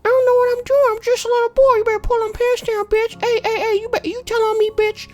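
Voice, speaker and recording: A man voicing a bossy, foul-mouthed little boy in a high squeaky falsetto, crude and threatening. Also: little pitch movement, fast, no echo, soft background music. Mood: bossy menacing.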